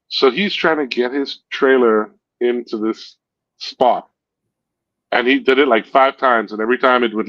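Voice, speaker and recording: A streaming host with a mid-range voice tells long, wandering stories in a relaxed chat, often correcting himself and cracking up at his own jokes. The sound is dry, dull and lo-fi.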